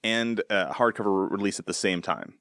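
Fast-talking low-voiced male podcast host. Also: fairly bright tone, no room sound. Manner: rapid, halting, full of restarts and quick laughs. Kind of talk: casual interview.

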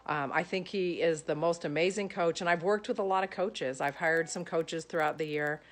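A woman's voice: low-pitched, normal speed. A woman giving an emotional testimonial about her coach, gushing and rambling with many fillers. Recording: music playing under the voice.

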